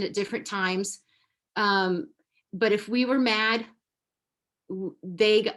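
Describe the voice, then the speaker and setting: A woman on a church women's panel, speaking earnestly and affirmingly, often breaking off and restarting her sentences. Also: mid-range voice. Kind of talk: casual panel discussion.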